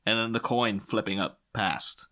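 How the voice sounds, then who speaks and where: A man's voice: lowish voice, a little slow, bright, forceful tone. A man co-hosting a podcast, chatting casually about a film, rambling with many fillers and frequent laughs. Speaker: podcast co-host. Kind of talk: casual film commentary chat.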